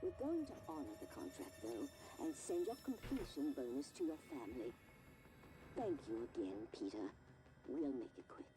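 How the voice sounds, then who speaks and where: An actress playing a coolly polite corporate handler, speaking in a measured, businesslike way in a distant, noisy game recording. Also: female voice, rumbling low, very animated.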